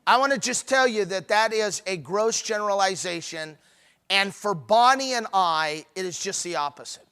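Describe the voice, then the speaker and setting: A middle-aged man speaking at a marriage seminar, telling humorous stories with animated, playful self-mockery. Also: high voice, moderate pace, clear, resonant tone. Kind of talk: humorous seminar talk to couples.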